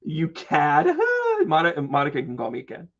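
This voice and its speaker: A man with a fairly high, gravelly voice hosts a live tarot reading and jokes with his viewers as he goes. The stream audio sounds dull and lo-fi. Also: wildly swooping pitch, fairly bright tone. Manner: playful and joking, quick asides and laughs. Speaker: psychic medium and tarot reader.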